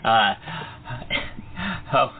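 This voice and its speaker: A man co-hosting a casual horror book club podcast, laughing often and tripping over his words. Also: very slow. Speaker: podcast co-host. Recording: tinny phone-like sound, faint noise.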